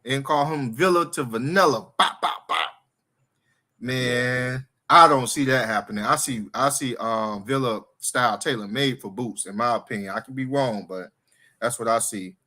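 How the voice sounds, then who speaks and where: A man's voice: medium pitch, moderate pace, pushed and bright. A young man co-hosting a casual live sports stream, reading viewer comments aloud, teasing his co-host and laughing often.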